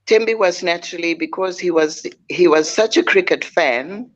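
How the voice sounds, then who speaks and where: Older woman, interview guest, measured and heartfelt, dull lo-fi stream sound. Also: lowish voice. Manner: measured, heartfelt, pausing often. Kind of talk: personal storytelling in an interview.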